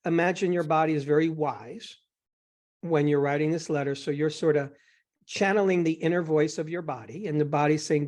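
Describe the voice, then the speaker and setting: A man hosting a coaching session, guiding his guest gently and reassuringly with examples. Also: a little high, steady tone, moderate pace. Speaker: host and eating psychology coach.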